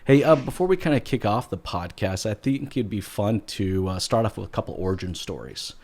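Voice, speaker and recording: Man, podcast host, fairly low voice, upbeat, casual chat. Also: expressive, fairly quick. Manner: upbeat, jokey, loud greetings.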